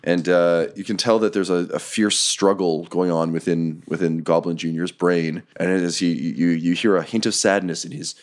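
A man narrating as dungeon master, relaxed and laughing often, with plenty of fillers. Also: sits low, normal speed, few pauses. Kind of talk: narrating a tabletop game.

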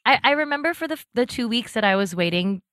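A woman's voice: a little high, lively intonation, fast, a bit bright, dry recording. Dry-sounding woman guest, self-deprecating. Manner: self-deprecating, laughs between phrases. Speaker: podcast guest. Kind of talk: casual chat.

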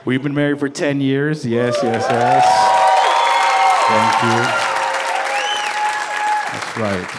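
A man in his thirties performing a playful, conversational stand-up set, slipping into quick voices for his wife and kids. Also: mid-range voice, steady tone, over loud music. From Salvadoran heritage. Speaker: stand-up comedian. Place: comedy stage before a live audience. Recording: live crowd laughter and room noise.

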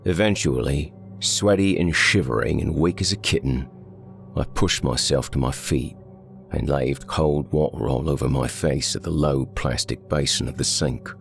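A man's voice: very deep voice, normal speed, vocal fry, soft background music. A man narrating first-person noir fiction in a wry, world-weary tone. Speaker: audiobook narrator.

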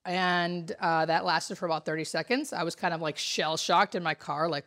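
A woman's voice: lowish voice, normal speed, dry recording, studio quality. Chatty woman in her thirties. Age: 30s. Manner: animated storyteller, chatty with fillers. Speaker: hospice nurse. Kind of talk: casual chat.

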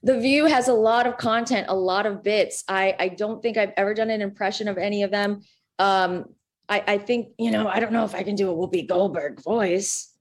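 A woman's voice: medium pitch, steady tone, moderate pace. A woman comedian from Minnesota, a guest in a casual interview, chatty and rambling.

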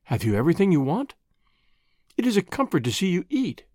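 A man voicing a devoted mother who speaks softly and gently, pleading and tender. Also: high voice, very animated, brisk, no echo, clean studio sound. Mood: gentle.

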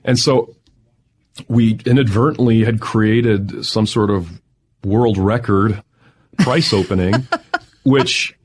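Animated low-voiced man telling a story. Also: slow, pauses often, breathy edge. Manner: excited, laughing storyteller. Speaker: tech entrepreneur guest.

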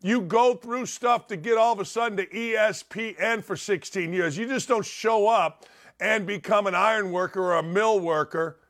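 A man's voice: high voice, moderate pace, fairly bright tone. A middle-aged man hosting a talk show, giving opinionated commentary in punchy, repetitive short sentences.

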